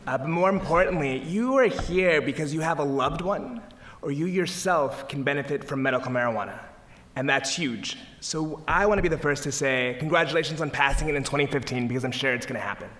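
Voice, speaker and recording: A man's voice: on the high side, a little fast, a bit bright. A young man speaking at a panel for an advocacy group, enthusiastic and humorous, rallying the audience from a podium. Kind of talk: energetic public speech at a panel. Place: lecture hall, at a podium.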